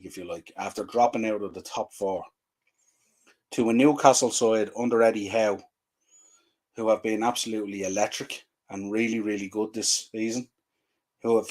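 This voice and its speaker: A man's voice: fairly low pitch, darkish tone. Exasperated man ranting about football. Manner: exasperated, repetitive rhetorical questions. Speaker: fan podcast host. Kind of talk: ranting fan commentary.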